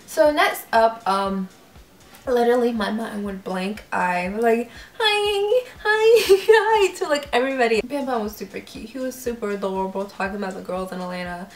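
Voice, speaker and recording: A young woman vlogger telling a story in a casual, animated way, acting out voices and laughing often. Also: medium pitch, brisk, roomy sound. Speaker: YouTube vlogger.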